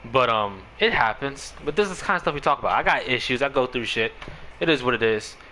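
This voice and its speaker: Bright-voiced, rambling male streamer. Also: mid-range voice, animated, fast, slight background noise, low-quality recording. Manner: rambling, full of fillers, laughs often. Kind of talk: casual chat on a game stream.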